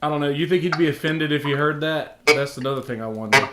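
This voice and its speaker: A man's voice: fairly high pitch, quick pace. A man hosting a casual livestream chat, joking and rambling with lots of fillers. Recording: roomy echo.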